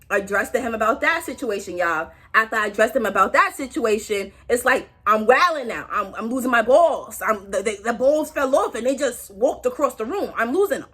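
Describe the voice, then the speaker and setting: A young woman telling a storytime in casual slang, animated, with big dramatic pitch jumps. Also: a little fast, few pauses, breathy edge. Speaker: vlogger.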